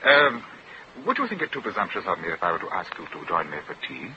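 An actor playing a bored, gallant English lord with a clipped upper-class drawl, in a 1940s radio comedy. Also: male voice, low-pitched, wildly swooping pitch, fast talker, sharp tone, lo-fi sound, full character voice. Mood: suave. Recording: hissy old radio broadcast.

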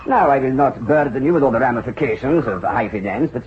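An actor playing a flamboyant, smooth-talking financier in a vintage radio drama, expansive and persuasive. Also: male voice, medium pitch, fast. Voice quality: expansive, persuasive, lively intonation. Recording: dull old radio drama recording.

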